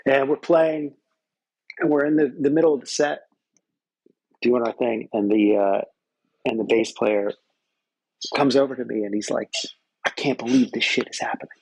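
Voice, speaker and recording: A man's voice: mid-range voice, measured pace, gravelly, long pauses, a little mellow, breathy edge, dry recording, poor audio. A man and guest musician telling loose, profane anecdotes in casual conversation on a close microphone. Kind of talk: casual storytelling.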